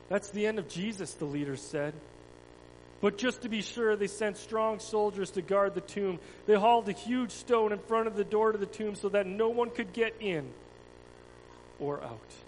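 A man reading a children's Bible story aloud to a congregation with dramatic, expressive delivery. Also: sits high, normal speed. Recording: long hall reverb, faint hum.

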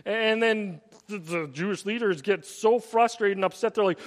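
A man preaching a sermon, retelling stories in an animated, storytelling way with many repeated "and"s. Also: high voice, normal speed, few pauses. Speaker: pastor. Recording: long hall reverb.

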